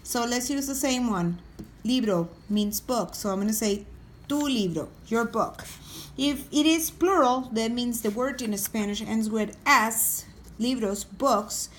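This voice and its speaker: A woman's voice: on the high side, a little slow, a little hiss or hum. A woman teaching a Spanish grammar lesson, patiently walking through examples and speaking to the class as boys and girls.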